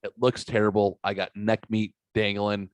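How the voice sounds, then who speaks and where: A man's voice: lowish voice, little pitch movement, normal speed, no room sound. A man hosting a podcast, talking in a profane, rambling, self-mocking way. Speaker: podcast host. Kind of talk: casual podcast banter.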